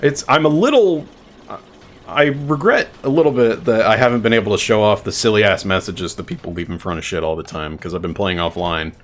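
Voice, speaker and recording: A man's voice: on the low side, lively intonation, fairly quick. A man casually commenting on his own gameplay, joking, swearing and talking back to the game. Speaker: streamer.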